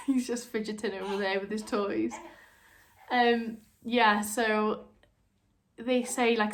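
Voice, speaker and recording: The voice is a little high and steady, moving slowly with long pauses. It belongs to a young woman, a vlogger and new mother, talking candidly to camera in a chatty, open way and slipping into other voices for quotes.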